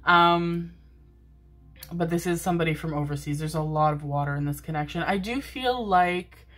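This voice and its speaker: A woman's voice: lowish voice, moderate pace, a bit bright, faint music behind. A woman giving a casual tarot reading to the camera, affectionate and rambling, calling her viewers "my babies". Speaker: tarot reader. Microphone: desk microphone, seated in a chair.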